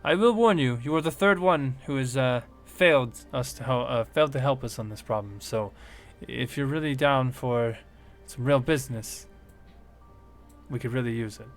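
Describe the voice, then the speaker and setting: A man's voice: medium pitch, normal speed, soft background music, close to an everyday voice. A man voicing a small red-headed woman gnome scientist who talks in a flustered, exasperated way.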